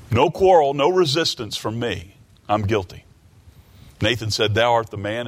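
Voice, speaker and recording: A male preacher giving a sermon, reading scripture aloud and explaining it. He repeats phrases and stumbles while working through a thought, drops low and quiet when he voices the confession, and rises with emphasis on key words. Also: animated, moderate pace.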